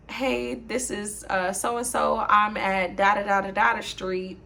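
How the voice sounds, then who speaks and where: A woman's voice: mid-range voice, flat delivery, slow, creaky, hardly any pauses, bright, forceful tone. A young woman casually telling a storytime monologue, blunt and profane, acting out both sides of an argument.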